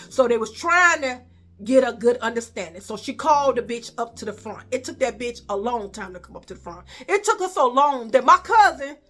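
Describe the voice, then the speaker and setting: A woman's voice: high voice, a bit bright. A woman with a Chicago accent telling a story in a casual, profane way, acting out the voices of the people she quotes. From Chicago, USA.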